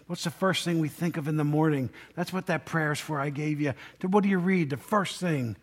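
A man's voice: a little high, a little fast, husky. A male pastor giving a conversational sermon, joking and asking the congregation questions. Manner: chatty, jokes and asks the congregation questions.

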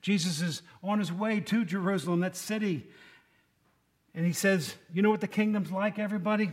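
High-voiced man giving a chatty sermon. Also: fairly quick. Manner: folksy, asks the congregation questions by name. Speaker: preacher. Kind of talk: conversational sermon.

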